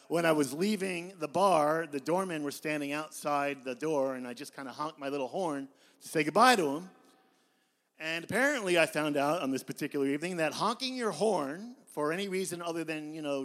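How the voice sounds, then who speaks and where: A man in his fifties giving a live poetry reading in a bar, with deadpan, self-mocking storytelling. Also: a little high. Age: 50s. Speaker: poet.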